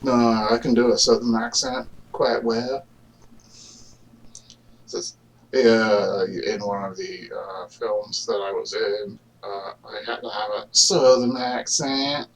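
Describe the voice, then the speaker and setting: A man's voice: fairly low pitch, flat delivery, slow pace. Rambling man talking far from the mic. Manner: rambling, argumentative, with many fillers. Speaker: vlogger. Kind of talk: casual monologue.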